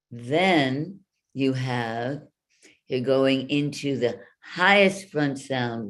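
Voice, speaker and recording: A woman teaching speech over a video call, slowly demonstrating vowels and consonants with drawn-out sounds. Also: a bass voice.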